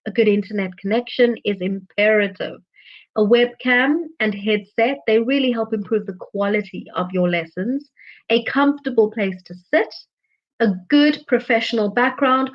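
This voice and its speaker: A woman's voice: a little high, muffled recording. Earnest woman presenting a teaching webinar. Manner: earnest, explanatory, stresses key words. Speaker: online teaching trainer. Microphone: webinar microphone.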